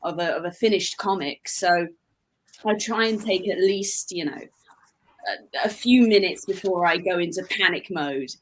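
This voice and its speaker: A woman's voice: on the low side, measured pace, low-quality recording. A woman with an English accent, a comic letterer chatting as a guest over a video call, friendly and self-deprecating. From England. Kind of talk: casual interview chat.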